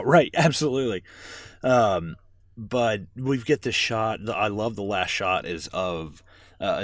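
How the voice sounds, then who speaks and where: A man with a deep, low voice chats casually on a movie podcast. He recaps scenes in a loose, rambling way, full of "um" and "you know" and the odd curse. The sound is close and dry, with no room in it. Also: no room sound. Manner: rambling recaps with many fillers, swears a lot. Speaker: podcast co-host.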